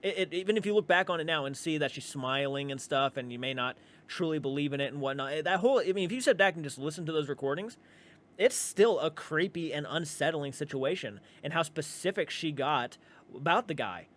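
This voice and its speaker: A man with a slightly higher than average voice rambles through his reaction commentary. He restarts his sentences often and swears casually, in an unpolished, chatty way. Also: expressive, a little fast, a bit bright. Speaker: reaction channel host.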